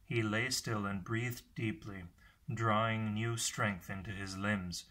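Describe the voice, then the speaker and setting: A man reading a fantasy novel aloud, unrehearsed, in steady narration with occasional slips. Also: fairly low pitch. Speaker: audiobook reader.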